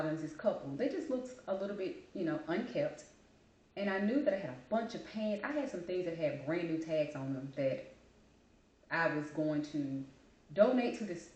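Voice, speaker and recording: A woman talks through her own stories in a loose, chatty monologue, full of asides to her listeners. Her voice sits a little low. The room is echoey and the recording sounds dull and lo-fi. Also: darkish tone. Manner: chatty, storytelling, Southern colloquial phrasing. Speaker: host. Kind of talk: casual monologue.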